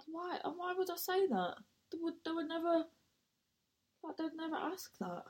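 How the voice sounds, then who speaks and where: A woman's voice: extremely high pitch, sing-song, normal speed. A woman, a comedian and actor, telling a rambling story with self-mocking asides and casual swearing.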